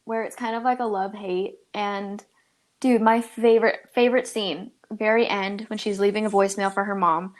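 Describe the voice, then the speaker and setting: A woman's voice: mid-range voice, fairly even intonation, normal speed. A young woman from California co-hosting a podcast, rambling and laughing through casual chat, full of "like" and "dude.". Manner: giggly, rambling, lots of "like" and "dude". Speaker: podcast co-host.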